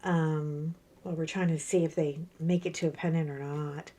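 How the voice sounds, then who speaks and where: A middle-aged woman, chatting casually about her day while she works on crafts, telling lively stories and acting out what people said. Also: sits low, normal speed. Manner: chatty storyteller, animated, acts out quoted voices. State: sore from a workout. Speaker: crafting vlogger.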